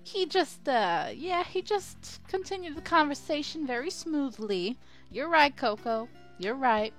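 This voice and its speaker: A woman's voice: on the high side, animated, slow, a bit bright, soft background music. A woman streaming a story game, chatting giddily, laughing a lot and reading her own lines aloud. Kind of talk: live game commentary.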